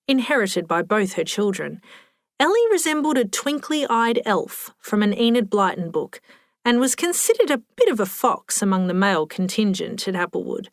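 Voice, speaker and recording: A woman narrating an audiobook with a wry, expressive reading, close to the mic. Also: medium pitch, dry recording. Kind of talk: scripted narration.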